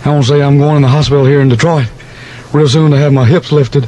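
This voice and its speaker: A man's voice: fairly high pitch, steady tone, fast, mellow, slight background noise, close to an everyday voice. A man doing an impression of a famous rock-and-roll singer in an old radio broadcast, with a mumbling drawl. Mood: crooning.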